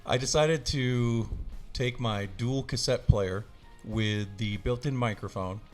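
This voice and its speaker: A man's voice: medium pitch, slow, soft background music. A man as a podcast guest, telling a story animatedly with many laughs and acted-out voices. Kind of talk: casual storytelling.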